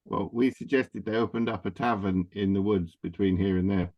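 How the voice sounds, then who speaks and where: A man chatting casually in character during a tabletop game. His voice sits on the low side, and the recording sounds a little dull and muffled. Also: fairly even intonation, normal speed. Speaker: player.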